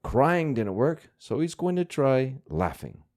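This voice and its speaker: This language teacher is very animated, his low, warm voice swinging widely in pitch as he explains vocabulary to learners at a relaxed pace. He moves through the grammar patiently and methodically.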